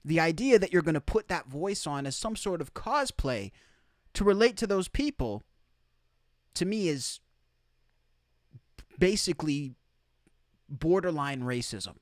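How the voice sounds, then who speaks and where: A man's voice: fairly high pitch, very animated, unhurried, long pauses, dry recording, studio quality. A man hosting opinionated live commentary from outside the United States, emphatic and repeating his key phrases. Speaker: commentary streamer.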